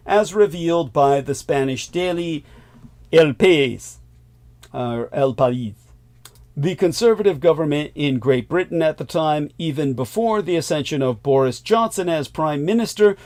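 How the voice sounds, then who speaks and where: A man's voice: a little high, a little mellow. A male host delivering a long current-affairs monologue, emphatic, with sardonic asides and chuckles.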